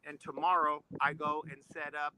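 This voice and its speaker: A man's voice: a little high, flat delivery, normal speed, background noise. A man, a stagehand guest, in an easygoing casual chat, laughing often.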